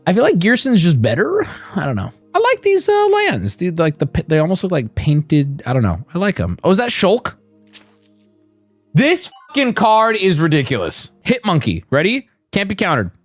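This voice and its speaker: A male streamer opening card packs live and reading the cards aloud, excitable and profane. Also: fairly high pitch, normal speed, faint music behind.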